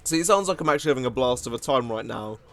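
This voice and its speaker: A man's voice: mid-range voice, animated, rapid-fire, a bit bright, soft background music. A man giving casual, self-mocking commentary while playing a card game, often laughing at himself. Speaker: gaming video host.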